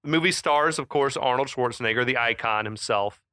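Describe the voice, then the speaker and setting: Podcast co-host, male, bright dry voice, loose chatty delivery with lots of "like" and "um". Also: mid-range voice, brisk, no echo. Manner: chatty, laughs often, many fillers. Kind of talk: casual chat.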